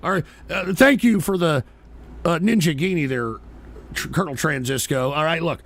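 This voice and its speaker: A male host of a live political talk show, exasperated and profane as he yells back at trolling messages. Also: fairly high pitch, normal speed, vocal fry, a little hiss or hum.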